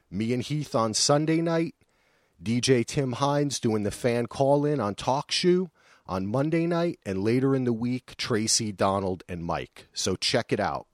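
A man's voice: mid-range voice, no echo, clean studio sound. A man hosting a podcast, talking in an enthusiastic, casual way with frequent restarts. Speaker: podcast host. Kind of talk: excited casual chat.

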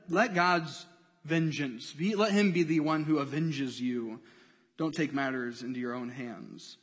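Casual, lively preaching man in a hall. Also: fairly high pitch, slightly rough. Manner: casual, conversational preaching with slang and rhetorical questions. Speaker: pastor. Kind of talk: sermon.

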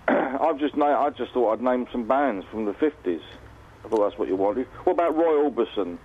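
A man calling into a radio show, deadpan and pedantic, heard over a phone line. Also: medium pitch, moderate pace, husky. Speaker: caller. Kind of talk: phone-in chat.

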